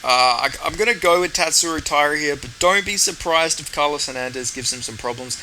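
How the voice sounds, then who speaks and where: A man's voice: a little high, brisk, bright, forceful tone, a little hiss or hum, low-quality recording. A man giving casual fight predictions in a rambling way, swearing often. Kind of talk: casual chat.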